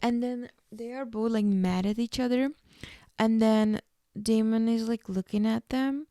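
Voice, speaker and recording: Female podcast host, casual chatty recapper, warm low-lit tone, dry booth. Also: steady tone, unhurried, dry recording. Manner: chatty, peppered with fillers.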